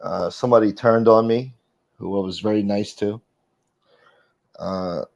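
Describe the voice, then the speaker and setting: A man's voice: lowish voice, steady tone, measured pace, creaky, a little mellow. A man hosting his own livestream, talking casually in a defensive, profane rant aimed at his critics. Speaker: livestream host. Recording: dull lo-fi stream audio.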